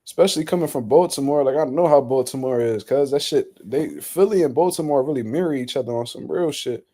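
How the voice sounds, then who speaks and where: A man's voice: mid-range voice, a little fast, warm tone. A man hosting casual boxing reaction commentary, ranting in a blunt, profane, incredulous way.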